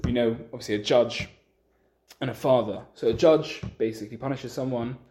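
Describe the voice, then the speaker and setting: A man teaching a Torah lesson with a story, halting often and restarting his sentences. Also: medium pitch, dark tone. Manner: halting, many restarts, acts out quotes. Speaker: religious teacher.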